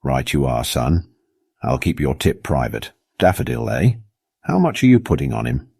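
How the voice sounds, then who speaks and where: A jovial middle-aged uncle with a hearty, teasing manner, as a deep-voiced narrator puts him on. The voice leaps around with lively swings, and the recording is close and dry. It suits a storybook reading. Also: male voice, moderate pace, gravelly, slightly rough, no echo, full character voice. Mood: amused.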